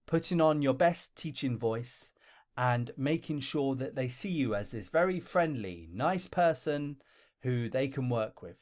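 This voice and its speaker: A middle-aged man with a broad London accent, talking straight to camera with blunt, chatty advice and a habit of ending points with "okay?". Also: on the high side. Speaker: online English teaching coach. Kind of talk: direct-to-camera advice video. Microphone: webcam or camera facing him.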